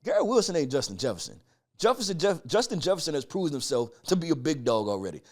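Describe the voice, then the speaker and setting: A man co-hosting a sports podcast in a casual debate, making emphatic, drawn-out points and swearing casually. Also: fairly high pitch, sing-song. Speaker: podcast co-host.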